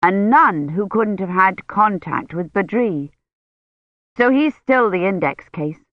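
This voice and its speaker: An audiobook reader voicing a brisk, commanding woman doctor, in a dull, dry recording. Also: mid-range voice, expressive, dry recording.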